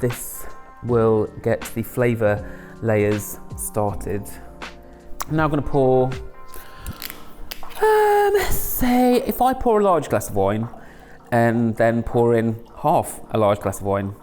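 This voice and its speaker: Guy talking thru a home cooking vid, mid pitch, rambly jokey asides, faint music under. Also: sing-song, slow pace, a little mellow. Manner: chatty, rambling, self-mocking asides. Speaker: home cook and channel host. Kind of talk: casual cooking vlog chat.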